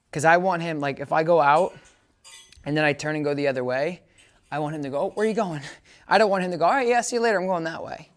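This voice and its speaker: Outdoors, a man leads a hands-on dog training lesson, chatting casually as he explains and calling out high, upbeat praise commands to the dog.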